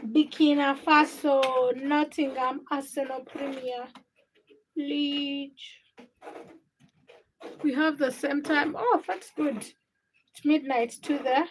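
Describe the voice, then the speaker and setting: Chatty high-voiced woman livestreaming. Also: steady tone, takes it slowly, pauses often, a little hiss or hum. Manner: chatty, reads viewer comments aloud and answers them while cooking. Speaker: livestream host. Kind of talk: casual livestream chat, reading comments.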